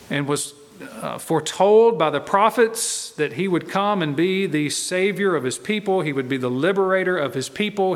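A man preaches in a church with a fairly high voice, pressing each point and repeating his key lines for weight. The sound carries a long reverb from the hall around him. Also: a little hiss or hum. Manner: emphatic, repeats key phrases. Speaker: pastor. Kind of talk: sermon.

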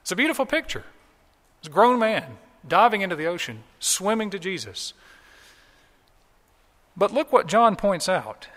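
A man's voice: high voice, very animated, normal speed, long pauses, fairly bright tone, long reverb tail. A man preaching a sermon as pastor, explaining scripture in a conversational way and acting out quoted lines.

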